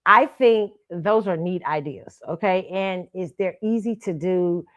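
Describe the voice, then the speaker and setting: Hosting a casual commentary show, a woman chats away, laughing quickly and easily and often tagging her lines with "okay?" Her voice is fairly low in pitch yet fairly bright, and the recording sounds dry and muffled.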